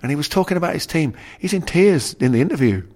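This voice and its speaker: A man's voice: on the high side, animated, quick pace, darkish tone. A middle-aged man and former rugby player, talking as an interview guest in a rambling way, full of restarts and "you know". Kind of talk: casual conversational interview.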